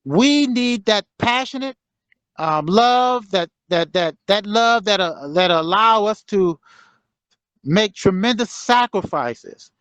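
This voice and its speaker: A man in his sixties giving a motivational exhortation over a remote call, halting with many fillers and building to fervent emphasis. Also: sits high, expressive, a bit bright, smooth, dry recording. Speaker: guest speaker. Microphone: remote call connection.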